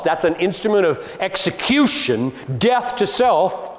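A man's voice: a little high, sing-song, unhurried, few pauses. A man preaching a sermon, emphatic and argumentative, driving his points home with rhetorical questions. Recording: long reverb of a large hall.

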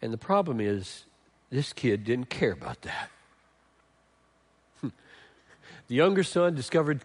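A middle-aged male pastor preaching a sermon, swinging from emphatic lines to hushed, tender ones. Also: medium pitch, very animated, takes it slowly, pauses often, breathy edge.

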